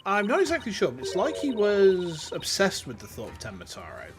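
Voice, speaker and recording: A man's voice: sits high, wildly swooping pitch, a little fast, soft background music, pitched above the performer's own voice. A man voicing an earnest young woman defense attorney in an eager, upbeat way while reading a game aloud.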